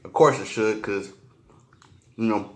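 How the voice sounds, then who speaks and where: A man's voice: lowish voice, measured pace. Guy doing a storytime mukbang, cussing a lot, rambling, stops and restarts. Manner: profane, slangy, rambling. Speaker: mukbang vlogger. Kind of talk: storytime while eating.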